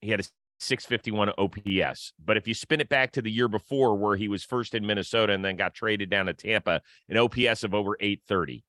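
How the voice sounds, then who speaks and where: A man's voice: lowish voice, fairly quick, pushed and bright, no room sound. A man hosting a sports podcast, talking casually and upbeat, often laughing as he chats. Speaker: podcast host.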